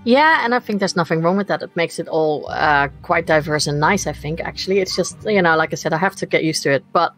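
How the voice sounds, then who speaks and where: Woman podcast host, non-native English speaker, lowish voice, chatty and laughing, soft music under her. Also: a little fast, few pauses. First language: not English. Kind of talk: casual podcast chat.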